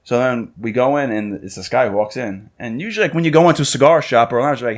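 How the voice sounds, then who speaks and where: A man's voice: mid-range voice, quick pace, hardly any pauses. A man in his thirties, a podcast host, telling a story in a loose, profane chat and acting out what people said. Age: 30s. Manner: profane, animated storytelling with acted-out quotes. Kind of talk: casual chat.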